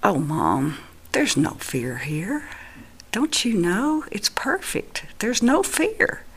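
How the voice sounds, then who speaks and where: A woman quoting her dying son in a hushed, half-whispered voice. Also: sits low, steady tone, slow. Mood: gentle. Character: dying young man speaking softly of heaven.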